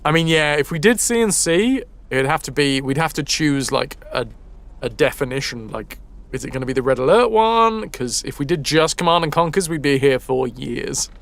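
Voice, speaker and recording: Lively man streaming a game. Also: a little high, moderate pace, creaky. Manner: chatty, reads game text aloud, swears casually. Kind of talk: casual gameplay commentary with chat. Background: faint game music.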